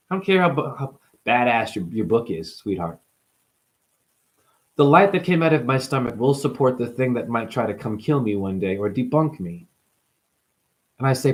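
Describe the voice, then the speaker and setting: A man delivering a rambling spiritual monologue, free-associating through wordplay and jumping between near-whispers and sudden loud outbursts. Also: medium pitch, expressive, normal speed. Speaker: spiritual speaker.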